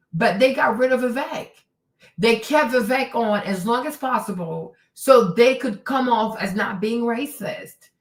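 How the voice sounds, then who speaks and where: A woman's voice: on the high side, a bit bright, reverberant, recorded from a distance. A woman hosting her own stream, ranting in casual commentary, sarcastic and profane, often mimicking people she talks about. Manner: heated, sarcastic, profane, mimics others in quotes. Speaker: streamer host.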